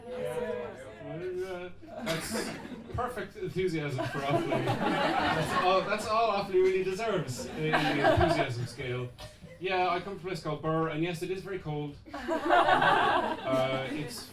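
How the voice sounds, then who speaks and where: Playful Irish comedian bantering in a pub. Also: male voice, high-pitched, wildly swooping pitch, unhurried. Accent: Irish Midlands. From Ireland, Midlands. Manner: playful, self-mocking banter with the crowd. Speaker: stand-up comedian. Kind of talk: stand-up comedy set. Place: small pub comedy room. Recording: echoey room from far off with loud audience noise. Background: audience laughter.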